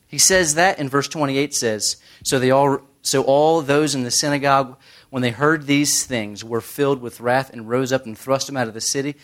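A man's voice: mid-range voice, steady tone, moderate pace, fairly bright tone. Man, bible study teacher, conversational sermon, playful asides, quotes scripture.

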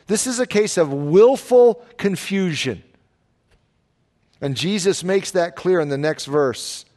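Guy preaching, pretty high voice, emphatic, repeats himself for punch. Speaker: pastor. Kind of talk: sermon.

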